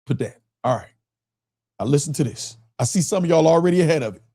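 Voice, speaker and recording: Animated Michigan man hosting a live stream. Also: a little high, fast talker. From Michigan, US Midwest. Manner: animated, keeps repeating his questions, reads chat aloud, laughs often. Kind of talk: casual live-stream commentary.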